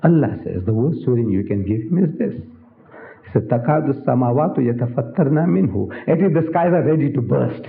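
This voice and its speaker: A man's voice: mid-range voice, expressive, a little fast, gravelly. An older man giving a public religious lecture, emphatic and theatrical, firing rhetorical questions at the audience. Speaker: Islamic lecturer. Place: lecture hall. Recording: echoey hall, tinny old recording.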